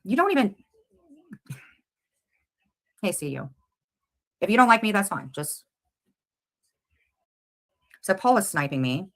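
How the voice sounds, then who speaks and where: A woman on a livestream, confronting a rival head-on with rapid, combative questions. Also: medium pitch, very animated.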